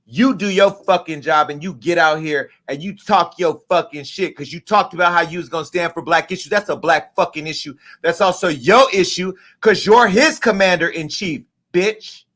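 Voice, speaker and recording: A man's voice: a little high, moderate pace, hardly any pauses, fairly bright tone. A middle-aged man hosting a live show, delivering an angry, profane, emphatic rant. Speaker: host. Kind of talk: impassioned live-stream rant.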